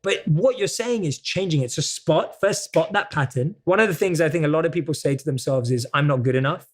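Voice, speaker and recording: A man's voice: a little high, expressive, fairly quick. Earnest British man coaching on self-talk. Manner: earnest, explanatory, acts out quoted self-talk. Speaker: guest coach. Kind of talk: conversational self-help talk.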